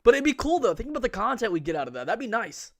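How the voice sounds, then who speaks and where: A man's voice: extremely high pitch, big pitch swings, very fast, creaky, a bit bright, dry recording. A young adult man hosting a podcast, chatting eagerly and casually with many restarts. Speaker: podcast host. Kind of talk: casual chat.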